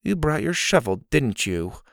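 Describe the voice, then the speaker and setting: A man voicing a pushy, cocky schoolboy who talks in a loud conspiratorial whisper. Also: medium pitch, big pitch swings, unhurried, gravelly, no echo, studio quality, pitched above the performer's own voice, heavily acted.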